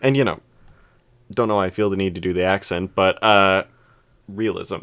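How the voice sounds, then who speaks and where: Low-voiced man rambling through a story. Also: level tone, a little fast, a bit bright, smooth. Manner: rambling storyteller, many restarts and fillers. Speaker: podcast co-host. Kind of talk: casual chat.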